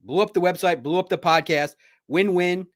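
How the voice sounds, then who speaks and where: Middle-aged man, sports podcast host, slightly high voice, cocky trash-talk, repeats his lines. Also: fairly even intonation, moderate pace. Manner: boastful, repetitive, trash-talking. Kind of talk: casual podcast monologue.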